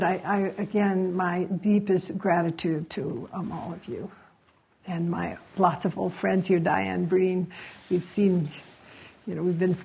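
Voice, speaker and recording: Husky, gravelly-voiced woman, reflective. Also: on the low side. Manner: reflective, halting, gently encouraging. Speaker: meditation teacher. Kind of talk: closing remarks at a meditation retreat.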